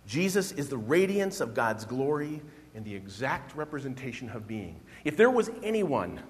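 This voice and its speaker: A man's voice: mid-range voice, in a large hall. A man preaching a sermon as pastor, speaking expressively and with emphasis. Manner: expressive, emphatic, acts out quoted voices.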